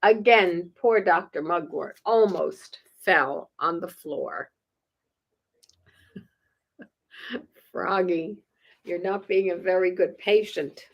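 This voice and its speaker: Husky lady reading a picture book to little kids, slow pace, chuckles, keeps asking them stuff. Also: lowish voice, dull audio. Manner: playful, chuckling, asks young listeners questions. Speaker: children's storytime reader.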